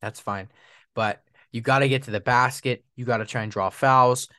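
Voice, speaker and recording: A man's voice: mid-range voice, moderate pace, dry recording, clean studio sound. A man hosting a solo sports podcast, venting with frustration and repeating his points. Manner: frustrated, repetitive, animated complaining. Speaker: podcast host.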